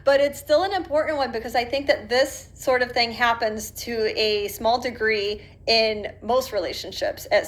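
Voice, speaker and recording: A woman co-hosting a podcast, earnestly explaining her view in casual reaction commentary. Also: on the high side. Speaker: podcast co-host.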